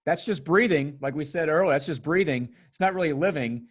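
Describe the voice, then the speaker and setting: A middle-aged man hosting a podcast, talking in an animated, emphatic way and swearing freely. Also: fairly high pitch, a little fast, husky. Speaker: podcast host. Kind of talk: casual conversation.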